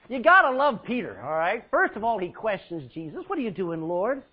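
During a sermon, a high-voiced man with a husky edge animatedly acts out Bible scenes, his pitch leaping and falling. He speaks at normal speed with frequent pauses, breaking into laughs and dropping low for emphasis, and the audio is dull and lo-fi.

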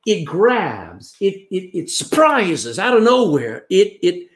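A man preaching a sermon, swinging between loud emphasis and hushed asides. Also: sits high, big pitch swings, slow. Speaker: pastor.

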